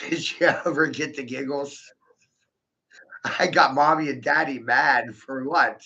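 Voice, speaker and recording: A man's voice: medium pitch, steady tone, unhurried, bright, forceful tone. A man in a rambling, profane stream-of-consciousness monologue, giggling often and putting questions straight to the listener. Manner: profane, giggly, keeps breaking into laughter; rhetorical, addresses the listener directly. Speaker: vlogger. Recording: dull lo-fi recording.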